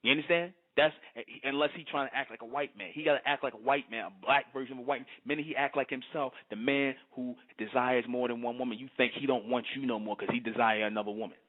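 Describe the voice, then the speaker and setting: A man's voice: medium pitch, steady tone, fast talker, hardly any pauses. Preachy man on a tinny phone line. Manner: preachy, repetitive, keeps asking "you understand?". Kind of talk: lecturing monologue.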